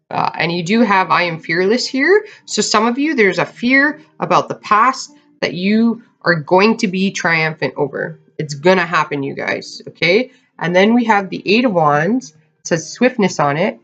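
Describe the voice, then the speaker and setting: A woman giving a casual tarot reading to her viewers, chatty and laughing often as she talks to "you guys.". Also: mid-range voice. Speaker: tarot reader. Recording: dull lo-fi sound.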